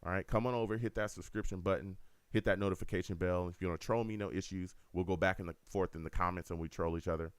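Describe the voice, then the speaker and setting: Deep-voiced animated male show host. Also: quick pace, smooth, dry recording. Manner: animated, repetitive, addresses listeners directly. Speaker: host of a fan radio show. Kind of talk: casual call-in show talk.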